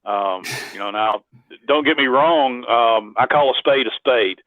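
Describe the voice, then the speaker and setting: Brief: male guest, medium-pitched, rambling stories full of restarts, thin phone-like sound with no room echo. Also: measured pace. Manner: rambling anecdotes with frequent restarts. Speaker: interview guest, cosplayer. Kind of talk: casual interview storytelling.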